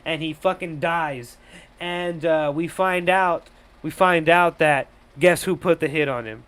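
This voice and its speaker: High-voiced male reviewer, rambling and swearing in a live review, smooth clear voice. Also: steady tone, a little slow, fairly bright tone. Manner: rambling, profane, filler-heavy. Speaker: movie reviewer. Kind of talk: casual live movie review.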